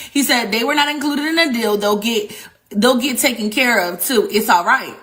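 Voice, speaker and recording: A woman commentator retells the news in animated, slangy and profane style. Her voice is bright and edgy. It sits a bit above the usual range for a woman. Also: fairly high pitch, normal speed. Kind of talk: casual current-events commentary.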